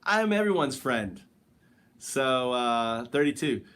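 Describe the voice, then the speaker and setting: A man's voice: mid-range voice, sing-song, slow, fairly bright tone, clear, resonant tone. A man chatting loosely on a livestream from home. He rambles from one thought to the next and speaks straight to his viewers, reacting to the chat as it comes in. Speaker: livestream host. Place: at home, sitting on the floor.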